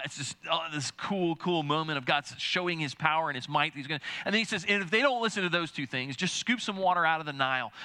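A man preaching a sermon, animated and halting, with many repeated words and quoted voices acted out. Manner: animated, acts out quoted voices with big pitch jumps. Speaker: pastor.

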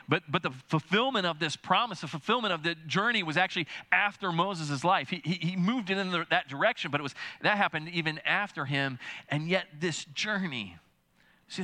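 A man preaching a sermon, animated and halting, with many repeated words and quoted voices acted out. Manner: animated, acts out quoted voices with big pitch jumps. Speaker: pastor.

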